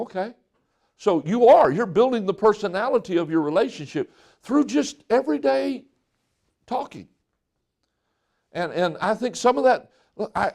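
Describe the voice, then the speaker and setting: A man's voice: high-pitched, darkish tone. Man preaching in a folksy storytelling way. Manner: folksy storytelling with self-restarts. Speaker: pastor. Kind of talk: sermon.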